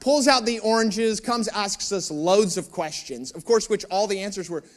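This man speaks in a high voice at a moderate pace, with few pauses. Preaching a sermon, he tells a personal story, acts out the dialogue with humor, and poses questions to the audience as an animated, joking storyteller.

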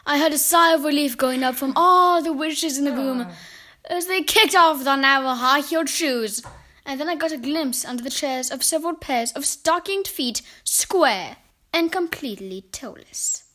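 A woman reading a children's story aloud in an expressive, dramatic way. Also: high voice, normal speed.

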